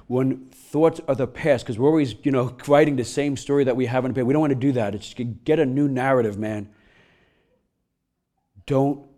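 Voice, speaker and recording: A middle-aged man preaching a sermon, telling a funny personal story, laughing often and getting loud as he acts it out. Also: medium pitch. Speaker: pastor.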